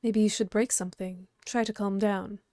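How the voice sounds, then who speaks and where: A woman voicing a calm ghost girl who is part frog, speaking flat and quiet while reading a webcomic aloud. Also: mid-range voice, normal speed, no room sound, clean studio sound, lightly acted. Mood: deadpan.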